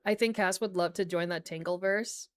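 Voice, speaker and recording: A woman's voice: fairly low pitch, fairly even intonation, moderate pace, clean tone. A young American woman chatting casually on a livestream as a VTuber, rambling with lots of fillers and frequent laughter. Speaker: VTuber streamer.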